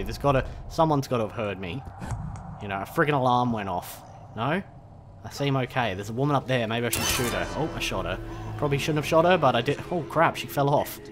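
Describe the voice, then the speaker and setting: A man giving chatty, jokey commentary while playing a game. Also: medium pitch. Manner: chatty, jokey, nervous muttering. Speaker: gameplay commentator. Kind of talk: casual let's-play commentary.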